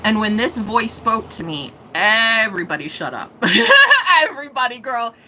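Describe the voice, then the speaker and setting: A young woman telling a personal story to camera in a casual, animated way, swearing and laughing often. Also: on the high side, moderate pace, slight background noise, poor audio. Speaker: vlogger.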